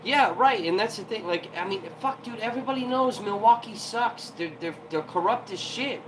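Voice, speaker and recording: A man's voice: sits high, normal speed, a bit bright, slight background noise, rough recording. A man hosting a livestream from home, ranting heatedly and profanely in an irritated tone. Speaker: livestream host.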